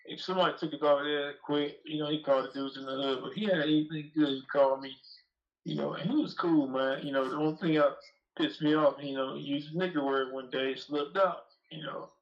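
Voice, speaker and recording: A man's voice: fairly high pitch, fairly even intonation, a little fast, muffled recording. A man telling a long, profane, rambling story on a live call-in show. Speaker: guest dog breeder.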